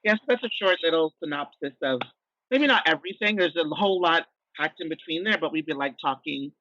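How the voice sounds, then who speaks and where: Bright-voiced trans woman telling stories frankly. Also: sits low, fairly quick, no room sound, highs cut off. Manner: lively, frank retelling with frequent fillers. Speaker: drag performer and podcast guest. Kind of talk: candid storytelling conversation.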